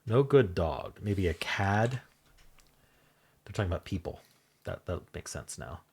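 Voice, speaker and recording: Guy muttering to himself over a crossword, low husky voice, takes his time. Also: very animated, darkish tone. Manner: muttering, halting self-talk with trailing, half-voiced asides. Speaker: crossword solving channel host. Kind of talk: thinking aloud while solving a puzzle.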